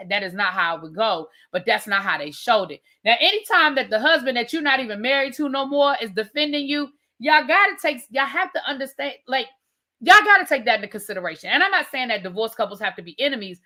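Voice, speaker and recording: Bright-voiced woman chatting live. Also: high-pitched, expressive, fast. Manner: chatty, emphatic, talks straight to chat. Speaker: livestream host reviewing reality TV. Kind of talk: casual livestream chat with viewers.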